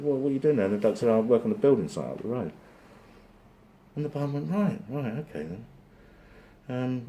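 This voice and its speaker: A man's voice: low-pitched, warm tone, a little hiss or hum. A man from England telling a long shaggy-dog joke in a meandering way, with self-interrupting asides. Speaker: joke teller.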